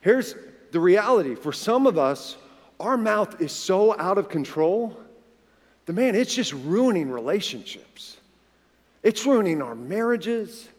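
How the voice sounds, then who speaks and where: A man in his forties, a pastor preaching a sermon, telling a personal story in an animated way and acting out the dialogue. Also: sits high, measured pace. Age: 40s. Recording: long reverb of a large hall.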